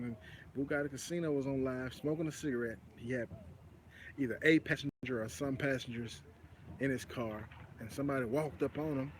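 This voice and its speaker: A man's voice: medium pitch, a little hiss or hum. A man from the Dallas-Fort Worth area hosting casual live news commentary, telling stories in a loose conversational way with preachy asides and plenty of "you know what I'm saying". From Dallas-Fort Worth area, Texas. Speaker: host of a commentary channel.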